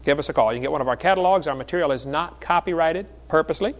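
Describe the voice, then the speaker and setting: A man's voice: a little high, rapid-fire. A middle-aged man preaching a sermon in a folksy storytelling way, with jokes between the stories. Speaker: creationist speaker.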